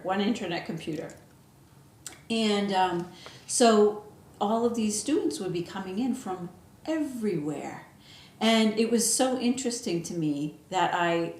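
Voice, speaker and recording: A woman from the United States hosts a casual interview at a library, rambling a little with fillers as she talks. Her voice sits lowish in pitch, recorded in an echoey room with faint background noise. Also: a little mellow. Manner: chatty, many fillers and restarts. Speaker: interview host, library staff.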